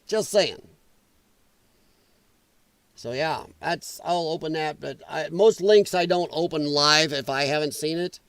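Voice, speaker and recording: A man's voice: fairly high pitch, a little slow, pauses often, fairly bright tone, clean tone, no echo. A man hosting a political livestream, ranting sarcastically and chatting with viewers in the live chat. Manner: heated, sarcastic rant with mocking put-on voices; chats with live viewers while reading chat. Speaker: livestream host.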